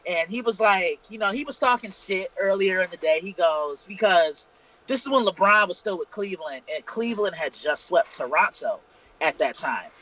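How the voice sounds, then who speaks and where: A man's voice: sits high, lively intonation, normal speed, a crowd in the background, poor audio. A man co-hosting a casual live-streamed talk show, telling profane, rambling stories. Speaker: podcast co-host. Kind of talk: casual storytelling chat.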